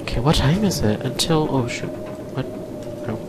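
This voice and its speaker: A man's voice: medium pitch, expressive, fairly quick, very noisy. A tired young man talking to himself casually as he plays a survival game, with sighs and nervous little laughs. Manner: mumbled self-talk with sighs and nervous laughs. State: tired, drained late at night. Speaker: gaming channel host. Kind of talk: casual let's-play commentary.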